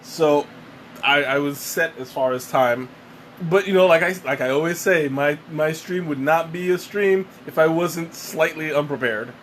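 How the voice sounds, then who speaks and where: This host's voice is fairly high and fairly bright, moving a little slowly against slight background noise. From a home room with a fan on, he streams a casual tea tasting, winded and sweaty after choking, rambling and knocking himself.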